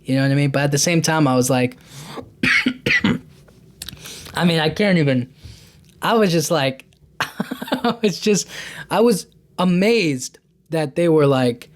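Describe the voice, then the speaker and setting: A man's voice: a little high, animated, a little slow, long pauses. Rambling male podcast host recapping a film. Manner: rambling, loose, with many restarts and fillers. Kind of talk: casual movie recap.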